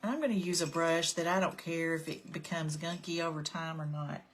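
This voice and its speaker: Her voice is low-pitched with fairly even intonation, and she talks a little fast. As a craft tutorial host on a relaxed livestream, she works through a project and greets viewers by name along the way.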